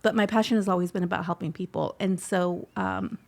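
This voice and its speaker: A woman's voice: on the low side, brisk, gravelly, a little mellow. A middle-aged woman telling her personal story in an interview, heartfelt, slipping Spanish phrases into her English. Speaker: scholarship recipient guest.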